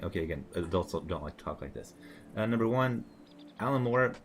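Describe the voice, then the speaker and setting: Low-voiced sarcastic male commentator. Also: expressive, brisk, slight background noise. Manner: sarcastic and rambling, with frequent fillers. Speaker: commentator reacting to online posts. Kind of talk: casual commentary monologue.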